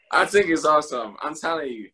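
A man preaching with passion on a live broadcast, repeating his key phrases and calling out to listeners with "y'all.". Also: a little high.

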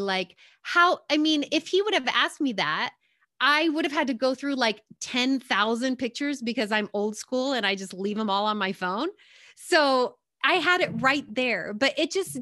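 Chatty rambling woman, bright and close. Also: on the high side, no echo. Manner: rambling, loops back with "anyway" and "like". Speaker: guest sharing her story. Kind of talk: casual storytelling.

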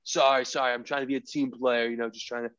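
A man's voice: mid-range voice, flat delivery, fast talker, a bit bright, clean tone, lightly acted. A man voicing a rowdy, hulking male rock fan in a headband who hollers and then apologizes sheepishly, on muffled podcast audio.

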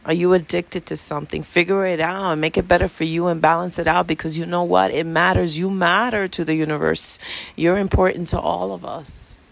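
Gravelly new guy, reiki talk, kinda high voice, repeats himself a lot. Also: flat delivery, a little fast. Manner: earnest, repetitive, preachy encouragement. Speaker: Reiki practitioner. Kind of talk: spiritual monologue.

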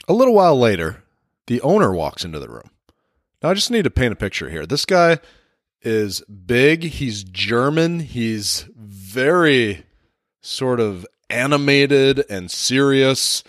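A man's voice: medium pitch, sing-song, takes it slowly, no room sound, clean studio sound. A man giving a motivational leadership talk, telling a personal story in an earnest, confessional way. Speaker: leadership speaker.

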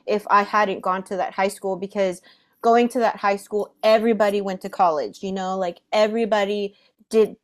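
A woman's voice: mid-range voice, steady tone, moderate pace. A young woman hosting a podcast, telling a personal story animatedly with frequent laughter. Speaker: podcast host. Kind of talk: casual storytelling.

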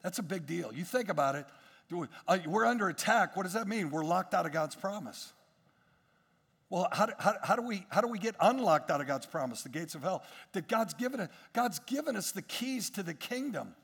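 A male pastor preaching a sermon, swinging between quiet asides and emphatic rises, with frequent repetitions and restarts. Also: high voice, lively intonation, fairly quick, gravelly, slightly rough, big-room sound.

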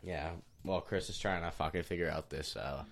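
A man co-hosting a podcast in casual chat, excitable and quick to cut in. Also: extremely low pitch. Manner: excitable, interrupting. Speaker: podcast co-host.

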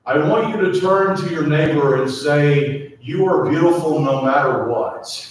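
A man preaching a sermon as pastor, slow and emphatic, repeatedly asking the congregation to speak to their neighbors. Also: fairly high pitch. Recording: echoey hall, mic at a distance.

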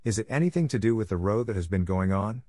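A man's voice: on the low side, expressive, warm tone, no room sound, studio quality. A man reading aloud, voicing an eager schoolgirl keen on gossip. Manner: eager, quick.

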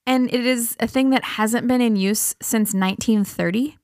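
A woman's voice: a little high, moderate pace, darkish tone, clear, resonant tone, no room sound, studio quality. A woman from Minnesota co-hosting a podcast, telling a light news story in casual chat and laughing often. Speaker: podcast co-host.

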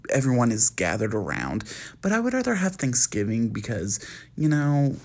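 A man's voice: mid-range voice, huge pitch swings, moderate pace, a little mellow. A young man hosting a casual solo podcast, sassy and chatty with lots of fillers, recorded at home at night. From United States. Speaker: podcast host.

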